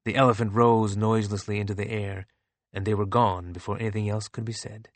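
A man narrating a novel as an audiobook in a steady, even reading. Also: on the low side, fairly quick, no room sound.

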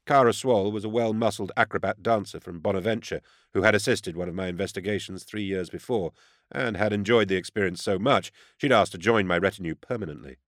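A man reading a first-person audiobook in a steady, even storytelling manner. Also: lowish voice, brisk, no room sound, clean studio sound. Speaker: audiobook narrator.

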